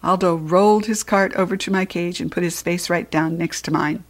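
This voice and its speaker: A woman narrating a children's storybook in the first person with an expressive read-aloud delivery. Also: lowish voice, moderate pace. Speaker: storybook reader.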